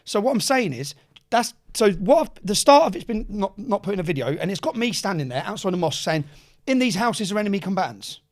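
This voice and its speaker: Give me a fast-talking man in his thirties, swearing and voicing everyone in his stories. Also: sits high, expressive. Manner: swears freely, acts out quoted dialogue. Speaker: podcast guest. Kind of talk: casual storytelling.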